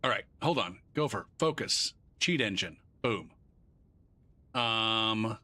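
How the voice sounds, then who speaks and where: A man's voice: lowish voice, lively intonation, slow pace, pushed and bright. A male game streamer in casual live-stream chat, rambling and profane, joking and narrating his own clicks as he goes.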